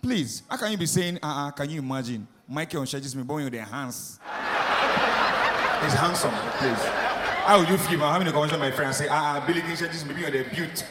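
A Nigerian man telling stand-up stories as an MC, voicing the people in them. His voice sits a little high. The room is echoey and loud with noise. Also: lively intonation, quick pace. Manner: storytelling, acts out the people he meets. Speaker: stand-up comedian and MC. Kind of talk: stand-up comedy.

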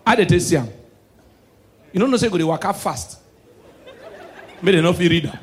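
A male stand-up comedian with a Nigerian Pidgin accent works the crowd in a high-pitched voice. He drops into low, preachy asides, then bursts into loud, shouted punchlines. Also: animated, fairly quick.

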